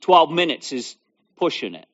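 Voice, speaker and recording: A man's voice: on the high side, big pitch swings, normal speed, a bit bright. A man preaching a sermon, reading scripture aloud and expounding on it, repeating phrases with building emphasis. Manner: reads scripture then expounds with repetition and rising emphasis. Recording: dull lo-fi recording.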